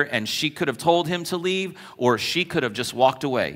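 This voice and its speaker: A man preaching a sermon as pastor, animated and conversational, telling stories to his congregation in a church sanctuary. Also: medium pitch, brisk, few pauses. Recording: long church reverb.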